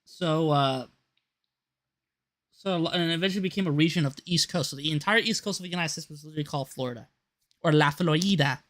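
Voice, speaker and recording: A man with a notably high voice talks over a video in a loose, casual way. He rambles, trails off and restarts his sentences, filling gaps with uhs and likes. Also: fast, a bit bright. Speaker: commentator.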